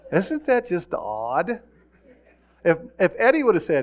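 A man preaching a sermon as pastor, retelling a story with swings from hushed to loud. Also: sits high, very animated, takes it slowly, vocal fry, dull audio.

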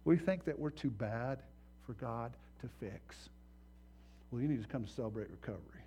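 A man preaching a sermon as pastor, impassioned and swinging from hushed to loud, acting out voices in his stories. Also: mid-range voice, animated, moderate pace, soft background music.

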